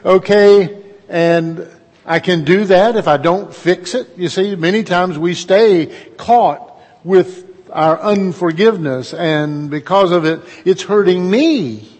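Middle-aged man, folksy preacher, fairly high voice, long hall reverb. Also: slow pace, a little mellow. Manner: folksy, storytelling, asks the audience questions. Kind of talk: conversational sermon.

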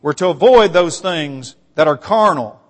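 High-pitched preacher guy reading scripture, gets emphatic on repeats, long hall echo. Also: lively intonation, a little slow. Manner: emphatic, rising on repeated phrases, reads scripture aloud. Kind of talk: sermon.

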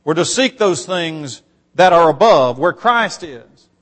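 A man preaches a sermon, reading scripture aloud and hammering his points, his voice rising on repeated phrases. It's on the high side, expressive and fairly bright, taken slowly. A long hall reverb surrounds him.

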